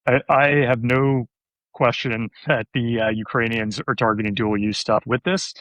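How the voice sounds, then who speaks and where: A man's voice: mid-range voice, steady tone, moderate pace, a bit bright, dry recording, poor audio. A man hosting a podcast, talking conversationally and putting questions to his co-host. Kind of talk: casual podcast chat.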